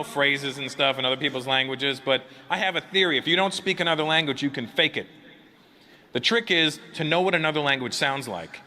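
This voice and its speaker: A man doing a stand-up comedy routine on a club stage, telling stories and chatting with the crowd, acting out both sides of each exchange. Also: fairly high pitch. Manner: animated, acts out both sides of conversations. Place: comedy club stage before a live audience. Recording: noisy live club recording.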